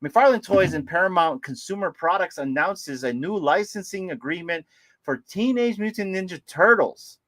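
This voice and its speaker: A man co-hosting a casual livestream, chatting about collectibles and greeting viewers by name. His fairly high voice swings widely in pitch and he laughs often. The sound is close and dry, with no room around it. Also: animated, normal speed, a bit bright, dry recording. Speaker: livestream co-host.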